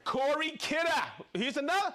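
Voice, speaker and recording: A man hosting a live product show, reading out viewer shout-outs with exuberant, playful energy, whooping and joking between names. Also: very high-pitched, normal speed.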